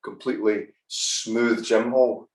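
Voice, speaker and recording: Relaxed Scottish guest in his fifties, lower voice, echoey room on a video call. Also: takes it slowly. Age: 50s. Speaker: podcast guest. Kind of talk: casual video-call interview. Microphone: video call from a spare room.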